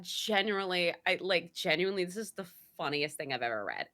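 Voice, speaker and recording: A young woman guest host in casual podcast chat, animated and quick to laugh, sometimes searching for words. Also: lowish voice. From Italian-American heritage.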